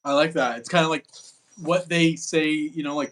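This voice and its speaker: A man hosting a casual interview, reflective and halting, with many fillers and restarts. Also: on the high side, steady tone, a bit bright, a little hiss or hum, rough recording. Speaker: podcast host.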